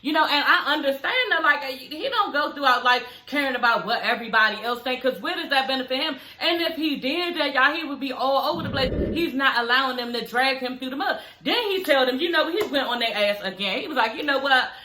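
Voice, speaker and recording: A woman recapping a reality TV episode in casual, animated, profane talk aimed straight at her viewers. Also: high voice, a little fast, hardly any pauses, echoey room, a little hiss or hum, low-quality recording.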